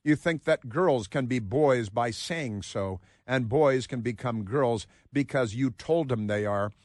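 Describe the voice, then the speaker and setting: Speaking at a slightly slow pace, a medium-pitched man delivers casual talk radio commentary full of mockery, rambling and filler words. The audio is dry and of studio quality.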